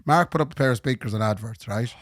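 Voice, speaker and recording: A man's voice: mid-range voice, fast, no echo, clean studio sound. An Irish man co-hosting a podcast, chatting casually and acting out the phone calls in the stories he tells. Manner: animated storyteller, acts out phone calls. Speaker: podcast co-host. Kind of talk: casual chat.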